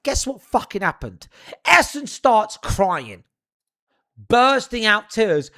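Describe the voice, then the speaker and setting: A young man telling a funny childhood anecdote in an animated, profane, theatrical way. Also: high voice, slow pace. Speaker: storyteller. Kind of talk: comedic anecdote.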